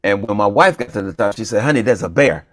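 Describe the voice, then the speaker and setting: A man's voice: lowish voice, quick pace, dry recording, studio quality. A man co-hosting a talk show, telling a funny story in a casual, playful way and acting out the dialogue. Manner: animated, playful, acts out dialogue. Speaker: comedian and show co-host.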